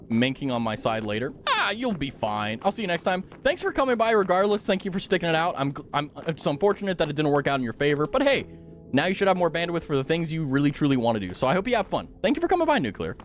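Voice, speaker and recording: A man's voice: a little high, very animated, fast talker, slight background noise. A young man streaming a game, chatting casually and playfully with his viewers. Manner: playful, chatty, talks to chat. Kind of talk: casual gaming commentary.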